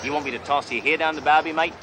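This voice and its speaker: A man putting on a loud fake-Aussie tycoon. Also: fairly high pitch, steady tone, very fast, over music, pitched above the performer's own voice, close to an everyday voice, rough recording. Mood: boastful. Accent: put-on Australian. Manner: boastful, blustering. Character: loud fake Aussie tycoon, boastful male car buyer.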